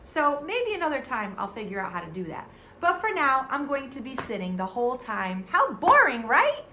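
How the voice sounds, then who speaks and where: A woman's voice: on the high side, big pitch swings, a little fast, pushed and bright, reverberant, a little hiss or hum. A woman teaching a preschool music lesson on video from home, seated, talking to small children in a sing-song teacher voice. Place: home, seated in front of a camera.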